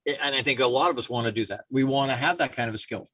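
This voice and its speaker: A man's voice: medium pitch, fast, slightly rough, no room sound, lo-fi sound. A middle-aged man hosting a self-help talk show, casual and rambling with many restarts. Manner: casual, rambling, frequent restarts, animated storyteller. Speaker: show host.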